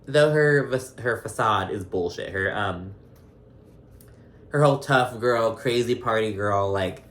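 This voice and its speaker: A man casually recapping a reality show episode, chatty and gossipy, laughing often and filling pauses with ums. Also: lowish voice, fairly bright tone. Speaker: recap vlogger. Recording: roomy echo.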